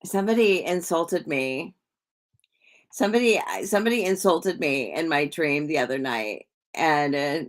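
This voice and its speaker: This middle-aged psychic hosts a relaxed livestream where she chats with viewers and reads their comments. She speaks at a moderate pace with a fairly low pitch, rambling, restarting often, and letting out soft laughs.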